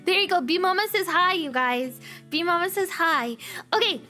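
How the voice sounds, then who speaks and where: A woman's voice: very high-pitched, lively intonation, moderate pace, pushed and bright, soft background music. A young woman streamer chatting casually and telling a story in a bubbly, giggly way. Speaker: variety streamer.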